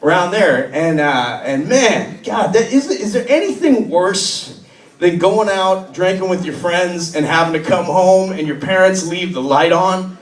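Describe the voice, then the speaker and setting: A man's voice: high voice, lively intonation, unhurried. A man from Massachusetts doing stand-up comedy in a club, telling rambling, raunchy stories. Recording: echoey club, distant mic, laughing crowd.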